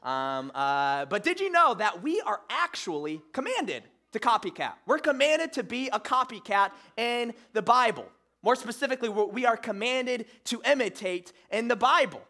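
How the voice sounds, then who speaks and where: A young Midwestern man from Michigan giving a conversational sermon as pastor, halting with frequent "uh" fillers and self-deprecating humor. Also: very high-pitched, big pitch swings, pushed and bright. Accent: Midwestern American.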